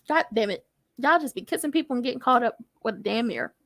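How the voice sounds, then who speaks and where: A woman giving a casual TV episode recap, sassy and animated with playful asides. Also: on the high side, moderate pace, vocal fry, dry recording. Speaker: TV recap YouTuber.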